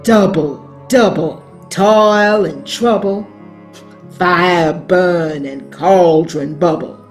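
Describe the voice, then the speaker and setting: A woman with a Southern US accent playing a cackling old witch, chanting spells in an amateur stage-play reading. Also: soft background music. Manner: slow, measured chanting with shrill cackles.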